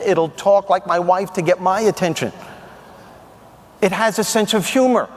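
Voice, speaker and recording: A man on stage delivering a comedic motivational keynote to an audience in a large hall, punchy and emphatic. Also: sits high. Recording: reverberant hall.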